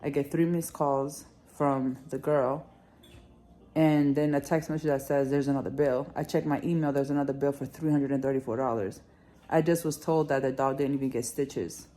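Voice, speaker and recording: A woman dog vlogger chatting casually, coaxing her dog in a soft voice and telling the story in lively slang. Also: a bass voice, normal speed. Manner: animated, swearing slang. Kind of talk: casual vlog chat.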